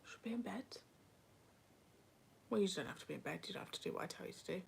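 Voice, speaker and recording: A woman's voice: sits low, very fast, creaky, a little hiss or hum. A young British woman hosting a casual livestream, reading chat and talking with self-deprecating asides. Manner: chatty, self-deprecating, drifts into whispers.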